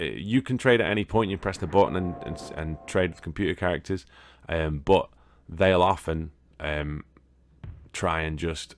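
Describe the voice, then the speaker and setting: Low creaky British gamer chatting. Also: male voice. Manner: chatty, rambling, swears casually. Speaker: game video host. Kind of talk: casual let's-play commentary.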